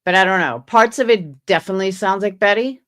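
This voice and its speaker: A woman's voice: mid-range voice, a little fast, fairly bright tone. A woman hosting a casual livestream, chatting skeptically with viewers and reading messages aloud. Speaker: livestream host.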